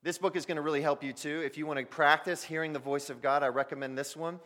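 A man preaching a sermon, swinging between loud emphasis and near-whispers as he speaks directly to his listeners. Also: a little high, steady tone, quick pace. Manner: addresses listeners directly as "guys". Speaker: pastor.

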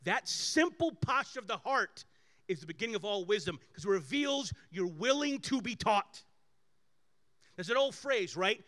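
In a high-sitting voice at a moderate pace, this male pastor tells personal stories during a conversational sermon. He shifts animatedly between loud outbursts and quiet asides.

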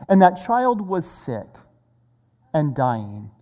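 A preacher delivers a sermon at a slow, unhurried pace, each phrase set apart and earnest. The voice has a dark, mellow tone. The sound carries the long reverb of a large hall. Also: medium pitch, sing-song.

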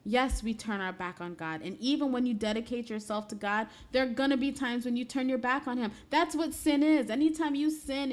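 Earnest woman giving a faith talk. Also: fairly high pitch. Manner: earnest, conversational preaching. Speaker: Christian speaker.

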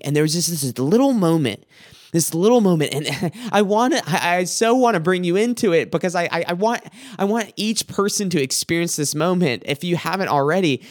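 A young man hosting a podcast, giving a reflective faith talk in an earnest, halting way, often repeating words as he tells a personal story. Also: on the high side, no room sound, clean studio sound. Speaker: podcast host.

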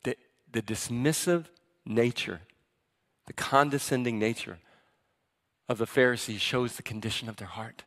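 A man preaching a sermon as pastor, in a conversational, animated way that acts out the people he quotes. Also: medium pitch, normal speed, long pauses, long reverb tail. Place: church sanctuary.

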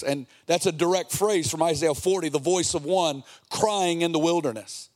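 A man's voice: on the high side, moderate pace, darkish tone. A man in his forties preaching an earnest, impassioned sermon, sometimes lilting into a sing-song cadence.

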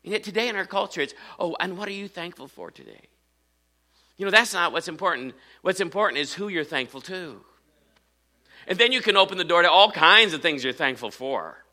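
A man's voice: fairly high pitch, sharp tone. A man preaching a sermon, earnest and repeating phrases for emphasis. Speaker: pastor.

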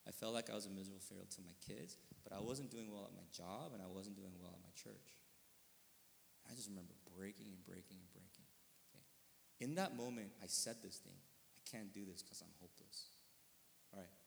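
A male pastor preaching a conversational sermon, earnest and probing, often checking in with listeners, moving from quiet reflection to sudden emphatic bursts. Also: deep voice, a little fast, gravelly, a little hiss or hum. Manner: earnest, often asking listeners with tag questions. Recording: long reverb of a large hall.

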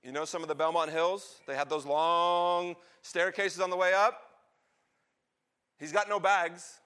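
A man preaching, telling a story and acting out the lines of its characters in an animated way. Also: sits high, measured pace, clean tone. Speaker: pastor. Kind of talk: sermon storytelling.

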